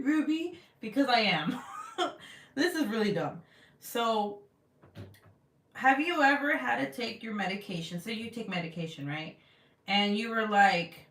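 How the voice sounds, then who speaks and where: A woman's voice: medium pitch, a bit bright, recorded from a distance. A middle-aged woman hosting a craft livestream, chatting casually with viewers, laughing at herself and swearing freely. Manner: giggly, self-mocking, swears casually. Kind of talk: casual livestream chat reading comments. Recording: roomy sound, voice away from the mic.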